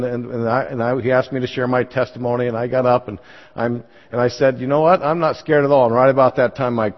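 Man, fifties, pastor, folksy testimony, self-deprecating, echoing hall. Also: medium pitch. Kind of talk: church talk with personal testimony. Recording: dull sound, long church reverb.

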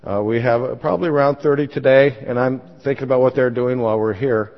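A man's voice: medium pitch, quick pace. A man in his fifties, a pastor telling his own story in church, folksy and self-deprecating with many fillers. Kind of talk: church talk with personal testimony. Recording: dull sound, long church reverb.

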